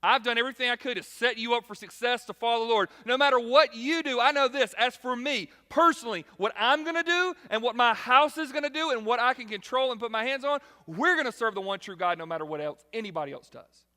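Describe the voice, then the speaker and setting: A man preaching a sermon as pastor, animated and acting out quotes, shifting between loud and quiet. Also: extremely high pitch, quick pace, few pauses. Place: large church hall. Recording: long hall reverb.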